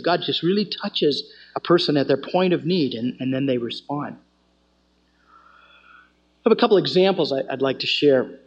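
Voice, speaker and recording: A man's voice: fairly high pitch, animated, normal speed, pauses often, husky. A man teaching a student fellowship, telling stories in an earnest sermon style and often restarting his phrases. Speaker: campus ministry teacher. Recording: dull lo-fi recording.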